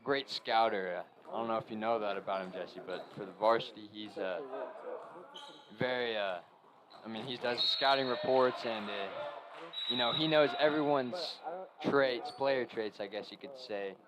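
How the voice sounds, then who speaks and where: A man's voice: on the low side, normal speed, crowd noise. A young man giving rambling color commentary with many fillers at a school basketball game. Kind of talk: local sports commentary.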